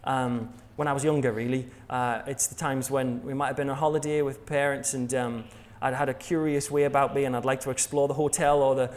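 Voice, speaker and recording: A man's voice: mid-range voice, level tone, fairly quick, few pauses, a little mellow. An English man preaching a sermon in a jokey, conversational way, laughing at his own jokes. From England.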